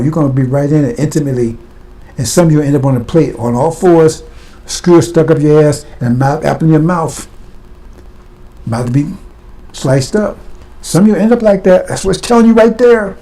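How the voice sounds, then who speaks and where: Fiery preacher man with a mellow voice. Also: fairly high pitch. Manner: impassioned, blunt, fires rhetorical questions at listeners. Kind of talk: fiery sermon.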